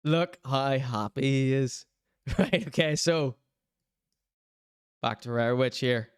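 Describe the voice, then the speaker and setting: A man's voice: mid-range voice, slow pace, clear, resonant tone, no room sound. A man hosting a podcast, chatting casually and laughing often while he comments on clips. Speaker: podcast host.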